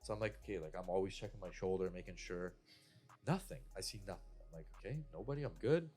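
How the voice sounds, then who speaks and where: Man, Canadian accent, low pitch, rambling, swears a lot, casual podcast story. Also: fast talker, a little mellow, soft background music. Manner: rambling, profane, lots of "like" and "I'm like". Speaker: podcast co-host. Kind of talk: casual storytelling among friends.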